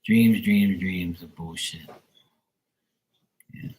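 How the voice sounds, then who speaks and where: Deep-voiced man chatting casually on a livestream. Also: fairly even intonation, very slow, darkish tone. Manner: rambling, profane, storytelling. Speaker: tarot reader on a livestream. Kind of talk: casual livestream chat with viewers.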